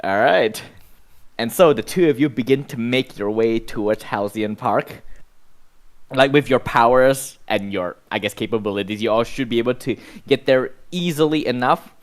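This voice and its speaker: A man's voice: mid-range voice, moderate pace. A man narrating as game master of a tabletop role-playing game, rambling with many fillers.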